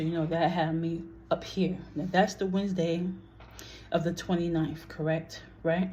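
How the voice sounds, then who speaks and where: Woman, casual storytime vlog, blunt and heated, dark mellow voice, faint hiss behind. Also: low voice.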